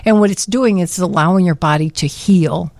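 A woman co-hosting a radio show, telling a personal story in casual chat with animated delivery. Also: on the low side, normal speed, dry recording. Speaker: radio co-host.

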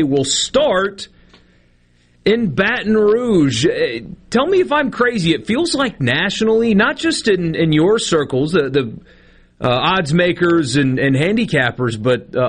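Man, 30s, sports radio co-host, husky, joking banter. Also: a little high. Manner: joking, self-deprecating banter. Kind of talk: casual radio chat.

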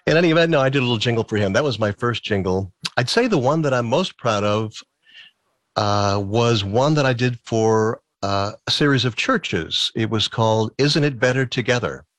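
A man's voice: mid-range voice, expressive, normal speed, fairly bright tone, dry recording. A man from Massachusetts with a fairly neutral American accent, talking as a radio guest and telling stories with frequent laughs. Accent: neutral American, Midwestern-sounding. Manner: chatty, storytelling, laughs often. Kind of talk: casual interview chat.

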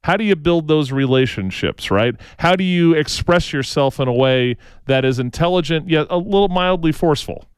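Man, talk show co-host, rambling casual talk, smooth resonant voice, slightly high pitch, dry close sound. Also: animated, moderate pace, hardly any pauses, no room sound. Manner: rambling, repeats "right?" and restarts often. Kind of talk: casual opinionated local talk.

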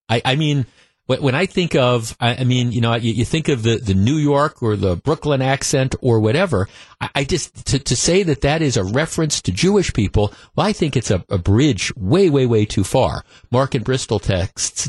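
Male radio host, mid-pitched, stammers through restarts, close dry studio mic. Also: expressive, husky, dry recording. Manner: halting, many stammered restarts. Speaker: radio talk show host. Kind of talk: political talk radio. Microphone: studio microphone.

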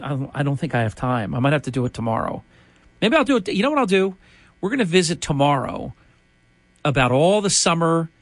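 A man's voice: on the high side, a bit bright, no room sound. A male radio host giving a chatty, opinionated on-air monologue full of restarts.

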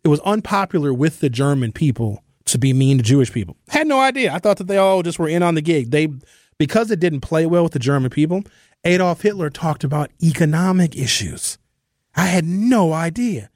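A man hosting a talk radio show, delivering an opinionated, conversational monologue that slows down and speeds up for emphasis. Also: fairly high pitch, lively intonation, a little mellow, dry recording, clean studio sound.

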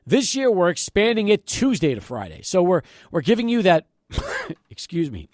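A man hosting an afternoon sports radio show, talking in an excitable, animated way from the studio. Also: high voice, brisk, no echo. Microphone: studio microphone.

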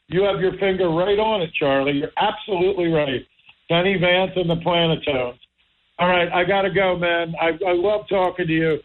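A man's voice: sits high, phone-quality sound. A male radio show host in casual talk show chat, enthusiastic and repeating himself as he searches for words.

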